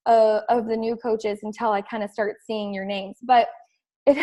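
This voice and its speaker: A woman's voice: fairly high pitch, a little slow. Chatty woman coaching her team. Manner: chatty and excitable, heavy use of "like". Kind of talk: casual team call.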